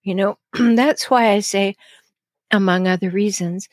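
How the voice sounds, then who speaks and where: A woman's voice: mid-range voice, measured pace, no echo. Earnest woman coach, dry close sound. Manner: earnest, emphatic, repeats key phrases. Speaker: relationship coach and podcast host. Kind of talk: solo advice podcast talk.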